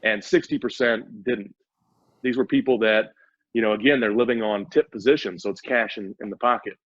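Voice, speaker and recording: As a startup CEO guest in a casual interview, a man explains eagerly and at length, restarting often. His voice is lowish and a bit bright, fairly even in intonation and at normal speed, in a dull, dry lo-fi recording with no room sound.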